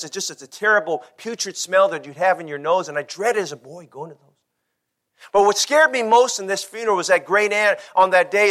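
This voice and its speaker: High bright-voiced preaching man. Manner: preaching with dramatic shifts between hushed and shouting; acts out quotes in character voices. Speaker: pastor. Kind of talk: sermon.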